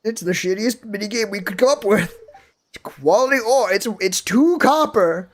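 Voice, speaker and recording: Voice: mid-range voice, animated, moderate pace, a little hiss or hum. A game streamer chatting casually with viewers while playing, rambling and swearing freely. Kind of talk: casual live-stream chat while gaming.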